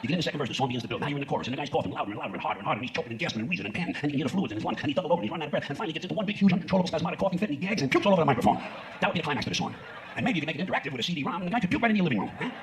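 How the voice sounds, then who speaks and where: A man's voice: a little high, lively intonation, rapid-fire, a little hiss or hum. A man performing a stand-up routine on stage, ranting in a profane, sarcastic way. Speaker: stand-up comedian. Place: stage in front of an audience.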